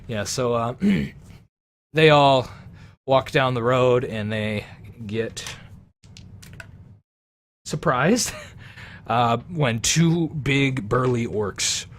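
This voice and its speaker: A man running a tabletop game as game master, with a voice at an ordinary male pitch. He narrates loosely and haltingly, with plenty of fillers as he goes.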